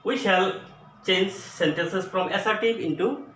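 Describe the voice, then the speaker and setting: A man teaching an English grammar lesson at a board, explaining slowly and going over each example again. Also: high voice, fairly bright tone. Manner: slow, deliberate explaining with repeated examples. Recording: echoey room, voice from a distance, faint noise.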